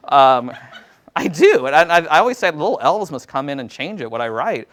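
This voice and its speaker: A man's voice: a little high, big pitch swings, fairly quick, fairly bright tone. A man who teaches Latin, giving a casual workshop presentation to other teachers in a self-deprecating, chatty way. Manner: casual, self-deprecating, chatty with many fillers and quoted asides.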